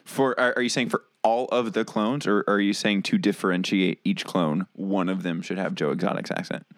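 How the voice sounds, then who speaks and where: A man with a lowish voice, co-hosting a podcast in loose, playful banter. He argues his side and often restarts his sentences. The sound is dry and close. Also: fairly even intonation, moderate pace, dry recording. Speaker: podcast co-host and editor.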